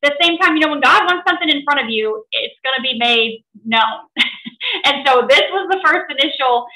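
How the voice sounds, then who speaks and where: A middle-aged woman telling a personal story to an audience in an animated way, often laughing. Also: sits high, moderate pace, echoey room, poor audio. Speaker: presenter.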